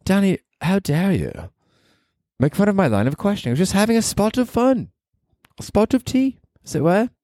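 A man's voice: very high voice, little pitch movement, racing, few pauses, mellow, no room sound, clean studio sound, pitched above the performer's own voice. A man voicing a prim, chirpy woman interviewer in a mock-posh manner.

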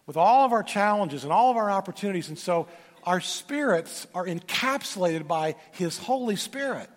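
A middle-aged man preaches in a large church sanctuary, his fairly high voice carrying a long reverb through the room. He tells folksy stories with joking asides and often restarts or repeats words as he builds toward a point. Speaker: pastor. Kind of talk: sermon.

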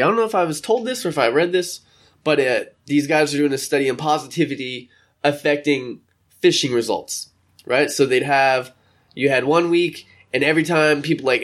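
A man's voice: a little high, fairly bright tone. Rambling young man chatting casually. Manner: rambling, chatty, acts out quotes. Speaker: vlogger. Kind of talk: casual chat. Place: indoor room by a window.

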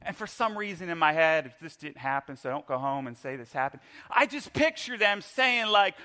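A middle-aged man giving a sermon as a pastor, telling stories in an animated, playful way. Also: on the high side, moderate pace, few pauses.

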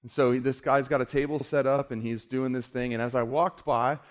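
A man preaching a sermon, telling a story with lively quoted dialogue and dropping to a quiet voice for the tender parts. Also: mid-range voice, normal speed. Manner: animated storyteller, voice drops quiet for emotional moments.

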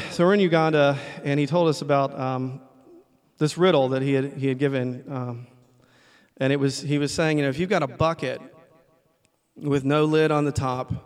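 A man preaching a conversational sermon, retelling a story with lively quoted voices and closing in a soft prayer. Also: medium pitch. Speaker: pastor.

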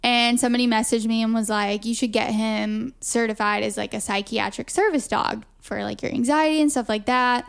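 A woman co-hosting a podcast in casual chat, talking fast and loose with lots of fillers and frequent laughs. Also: on the high side, fairly even intonation, gravelly, clear, resonant tone. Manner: chatty, laughs often, many "like" fillers. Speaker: podcast co-host.

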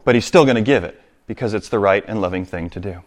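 Speaking fast in a voice on the low side, a man preaches a sermon as pastor. Scripture is read aloud and explained, with direct appeals made to the congregation.

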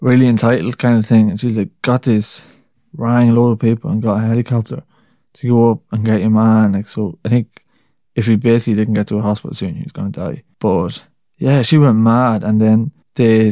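A man's voice: on the low side, warm tone, no room sound. Rambling young man with a dry, close sound. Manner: rambling, swears, laughs at his own story. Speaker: podcast host. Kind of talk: casual solo podcast chat.

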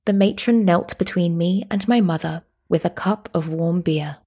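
A woman narrating a historical story in the first person, calm and measured. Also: lowish voice, husky.

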